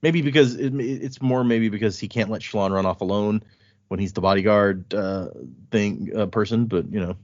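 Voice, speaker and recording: A man's voice: on the low side, normal speed, dry recording. A man co-hosting a casual podcast about a book, retelling scenes and quoting the characters in playful voices. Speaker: podcast co-host. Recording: dry, muffled lo-fi audio.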